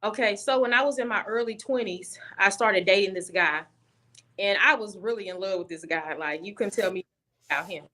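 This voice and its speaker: A woman's voice: mid-range voice, fairly quick, bright, forceful tone. A young woman guest on a video call, telling a personal story candidly and bluntly, often restarting her sentences.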